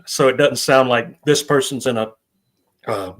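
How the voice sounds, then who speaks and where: Man explaining in a measured way. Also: medium pitch. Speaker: podcast co-host. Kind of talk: casual film review chat.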